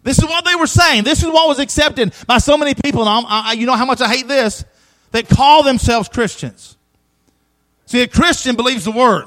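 A man preaching a sermon with emphatic repetition, swinging between loud declarations and hushed asides, and calling on the congregation for responses. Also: extremely high pitch, moderate pace, rough recording.

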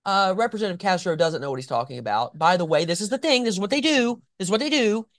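A man hosts a political commentary show, talking with sarcastic, animated emphasis and mocking asides. His pitch swings widely as he argues. The sound is dry and close. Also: fast talker, no echo.

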